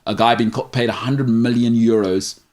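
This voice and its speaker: Male sports show host, mid-pitched, loose and joking, stumbles over odd names and holds strong opinions. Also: fairly even intonation, moderate pace, a little mellow. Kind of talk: casual sports chat reading viewer questions.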